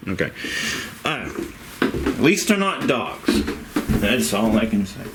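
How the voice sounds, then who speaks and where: Man, home renovation vlogger, casual rambling how-to talk, animated pitch, frank and salty. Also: takes it slowly, heavy background noise. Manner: chatty, rambling, frank and a little profane. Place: house basement at home.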